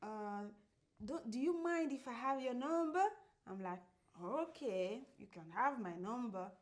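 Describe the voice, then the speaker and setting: A woman co-hosting a podcast who tells a story in casual chat, acting out the quoted lines and laughing often. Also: measured pace. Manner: animated, acts out quoted dialogue with big pitch jumps; laughs often while telling. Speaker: podcast co-host.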